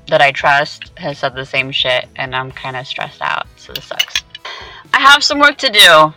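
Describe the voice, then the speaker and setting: A woman's voice: low-pitched, pushed and bright, rough recording. A young woman vlogging casually from a psychic conference, tired with a worn voice, swearing freely and talking straight to her viewers. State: tired, voice shot. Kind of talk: casual vlog to camera.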